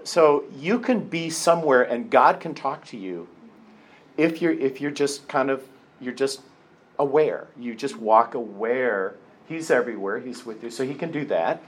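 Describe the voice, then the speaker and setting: A man leading a prayer workshop with a group, talking conversationally, with restarts and slow emphasis. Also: mid-range voice, slightly rough. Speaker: workshop leader. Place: meeting room with a group.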